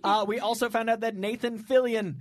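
A man's voice: extremely high pitch, level tone, brisk. A man co-hosting a podcast in casual chat, enthusiastic and rambling. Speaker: podcast co-host.

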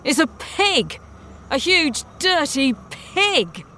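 A woman's voice: mid-range voice, a little slow, fairly bright tone, a little hiss or hum, natural voice. A woman doing a blunt, bossy starship captain. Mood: brusque. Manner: brusque, commanding.

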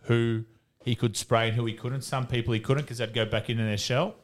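A man's voice: mid-range voice, steady tone, a little fast. A man with an Australian accent telling coaching stories in casual chat, swearing freely and laughing as he goes. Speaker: former professional footballer.

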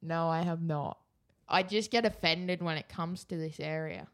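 A woman co-hosting a casual podcast, sarcastic and quick to argue. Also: low-pitched. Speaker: podcast co-host.

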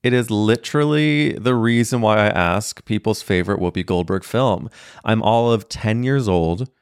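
This is a man in his thirties from St. Louis, hosting a solo podcast and spinning a comic story with campy flair. His voice sits fairly low and sounds smooth and clear. It is recorded close and dry, with no room sound. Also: normal speed, no echo. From St. Louis, Missouri, USA. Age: 30s. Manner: campy, animated storyteller acting out quoted voices; laughs mid-story. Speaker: podcast host.

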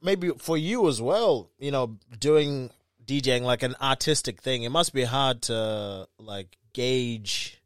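A man's voice: medium pitch, slow pace, smooth, dry recording, clean studio sound. A young man, a comedian, chatting in a laid-back way and laughing easily. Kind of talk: casual podcast chat.

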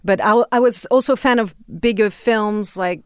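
A woman in her fifties from France with a French accent, chatting as an interview guest. She talks in a loose, chatty way, fills her speech with "you know," and laughs off dark topics. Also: medium pitch, normal speed, clear, resonant tone, no echo, studio quality. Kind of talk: casual conversation.

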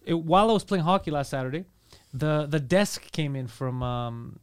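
A man co-hosting a podcast, telling a story in casual chat, swearing a lot and loudly acting out the lines of the people in it. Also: on the high side, animated, clean tone. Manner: fast, swearing, acts out quotes loudly. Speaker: podcast co-host. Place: podcast studio.

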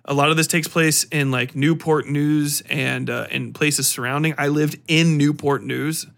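A man's voice: on the high side, fairly even intonation, unhurried, gravelly, a bit bright. A man hosting a podcast, casually reviewing a book in a rambling, profane way, laughing often and acting out quotes. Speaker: podcast host.

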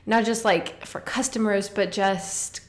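A young woman in her twenties hosting a casual chat, relaxed and friendly, steering the talk with questions. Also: medium pitch, measured pace.

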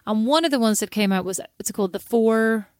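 A woman with a fairly high voice co-hosting a podcast and telling animated, self-deprecating stories. She is recorded close on a dry studio mic. She chats loosely and playfully. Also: quick pace, dry recording. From Ireland. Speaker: podcast co-host. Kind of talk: casual chat.

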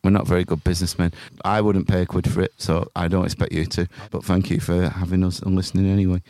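A man rattles through crude, joking banter at a quick clip. His voice sits low, and his stories come with acted-out quotes. The close microphone sounds dry. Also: flat delivery, warm tone, no room sound. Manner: fast, joking, acts out quotes. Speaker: podcast co-host. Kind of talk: casual sweary banter.

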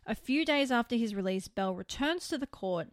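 A woman co-hosting a casual podcast, narrating a true-crime case with animated, incredulous asides. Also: a little high, fairly quick, no echo, clean studio sound.

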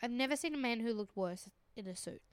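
A woman's voice: fairly high pitch, quick pace, smooth, no room sound. A young woman, chatting in an easygoing way as a podcast co-host. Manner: easygoing, agreeable, animated when telling stories. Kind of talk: casual chat recapping a dating show.

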